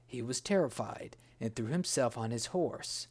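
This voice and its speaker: A narrator reading a storybook in a slow, measured way. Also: mid-range voice, animated, darkish tone, slightly rough.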